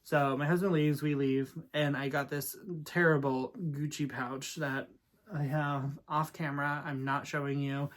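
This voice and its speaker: A man's voice: a little high, level tone, measured pace. A man vlogging in a casual storytelling style, chatty and sassy with dramatic asides. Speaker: vlogger and real estate agent.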